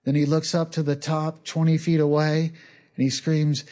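A man preaching an earnest, unhurried sermon, sometimes repeating words as he teaches. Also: on the high side, little pitch movement, dark tone. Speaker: pastor.

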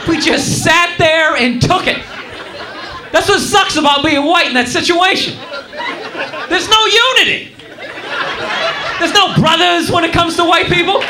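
A man with a very high voice rambles through a stand-up set, excitable and shouting his punchlines. The live club recording is roomy and echoey, with a loud audience and steady noise behind him. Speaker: stand-up comedian. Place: comedy club stage. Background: audience laughter.

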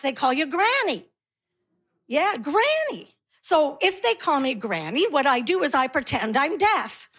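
Woman, sixties, high-pitched, stand-up comic, wry, self-mocking, acts out other people. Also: a bit bright. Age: 60s. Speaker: stand-up comedian. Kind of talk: stand-up comedy set. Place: comedy stage before a laughing crowd.

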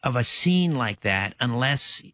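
A man's voice: medium pitch, lively intonation, unhurried, pushed and bright, no echo. A man guest-hosting a late-night radio talk show, chatty, often correcting himself mid-sentence. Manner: chatty, restarts and self-corrections. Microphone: studio microphone.

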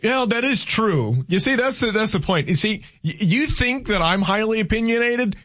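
A man's voice: sits high, animated, moderate pace, sharp tone, dry recording. A man hosting a call-in radio talk show in a studio, chatting casually and rambling with self-deprecating humor. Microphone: studio mic.

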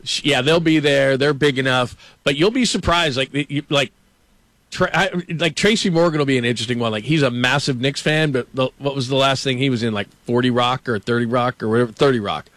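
A sports radio host with a brisk, mid-range, slightly bright voice tells loose anecdotes into a studio microphone, captured in a dry recording. He rambles, laughs often, and fills his casual studio banter with fillers, especially "like."

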